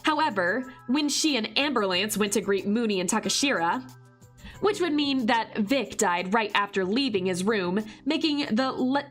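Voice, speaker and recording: A brash young female detective, as a hoarse woman reads her lines aloud from a mystery visual novel, talking in a sarcastic, slangy way that drips with suspicion. Her voice sits at an ordinary pitch, with faint music playing underneath. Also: fairly bright tone.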